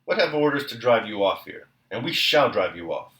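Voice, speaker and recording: A man's voice: on the low side, big pitch swings, normal speed, sharp tone, roomy sound, distant mic, exaggerated voice, rough recording. A man reading the lines of a bold, defiant male soldier with a taunting manner in a storybook reading.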